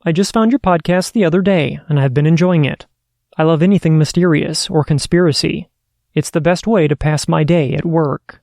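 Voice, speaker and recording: A man hosting a podcast, reading listener stories aloud in a steady, earnest way. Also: fairly high pitch, normal speed, gravelly, no echo, studio quality. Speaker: podcast host.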